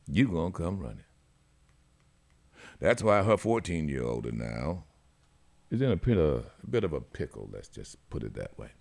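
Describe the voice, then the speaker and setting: A man hosting a radio talk show, telling stories in a lively way and acting out the people in them. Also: extremely low pitch, moderate pace, vocal fry, long pauses. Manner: animated storytelling, acts out the people in his stories. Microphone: studio mic.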